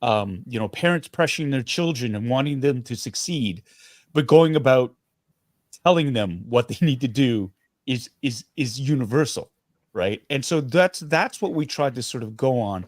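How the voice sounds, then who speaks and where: Earnest, animated middle-aged Canadian man. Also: medium pitch, normal speed, no room sound, clean studio sound. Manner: earnest and animated, frequent restarts. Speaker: guest actor. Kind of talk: casual interview chat.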